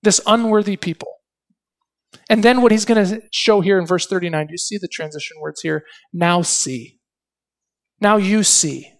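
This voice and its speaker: A man's voice: high-pitched, steady tone, a little fast. A male preacher giving an expository sermon, asking rhetorical questions and reading scripture with dramatic emphasis.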